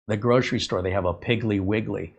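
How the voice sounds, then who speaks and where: A man hosting a tech show, telling a rambling casual story from the US West Coast, chatty and sometimes loud and incredulous. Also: on the low side, fairly even intonation, fairly quick, creaky. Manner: chatty, gets loud and incredulous when joking. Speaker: tech channel host.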